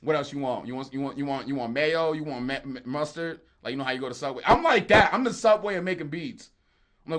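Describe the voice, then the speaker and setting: A beat producer streaming live makes beats while chatting casually and joking with viewers, addressing the chat directly in an animated way. He has a medium-pitched voice and talks fast.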